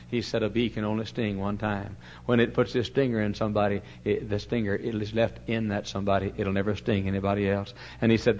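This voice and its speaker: A man preaching a sermon in a folksy way, addressing listeners as brother and swinging from quiet storytelling to loud, high-pitched preaching.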